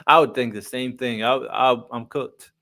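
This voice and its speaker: Young male host for a relaxed reaction show, reads manga panels aloud with slips and asides, average pitch. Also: unhurried. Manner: reads panels aloud, stumbles, casual swearing. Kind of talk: casual manga read-along reaction.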